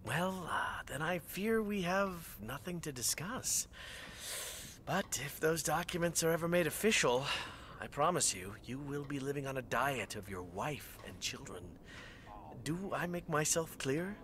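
Smooth game villain, bright, animated, condescending. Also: male voice, on the high side, measured pace, a little hiss or hum. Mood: threatening. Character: smug corrupt male politician, menacing. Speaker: villain politician. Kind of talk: game voice acting.

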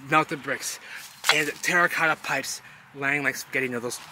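An excitable man with a mid-range voice narrates a casual outdoor vlog, rambling, repeating phrases and calling the viewer "baby." His camera mic picks up clear outdoor ambience and traffic behind him, giving it a noisy handheld sound. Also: mid-range voice, moderate pace. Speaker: vlogger exploring urban ruins. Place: outdoors in a wooded city lot.

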